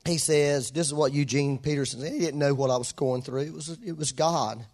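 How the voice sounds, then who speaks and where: A man preaching a sermon to a congregation in a room, emotional and passionate, swinging from soft talk to shouting. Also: a little high, fairly quick. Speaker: pastor.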